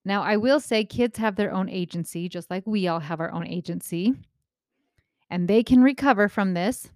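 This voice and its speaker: A woman's voice: normal speed, dry recording, clean studio sound. A middle-aged woman parenting coach talking casually and directly to parents, acting out quotes and asking rhetorical questions. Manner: animated, acts out quotes with rising pitch. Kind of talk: casual advice monologue.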